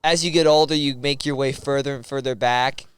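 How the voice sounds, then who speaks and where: A man guesting on a casual podcast chat, animated and jokey, with lots of filler 'like'. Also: medium pitch, a little fast, smooth. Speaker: comedian guest.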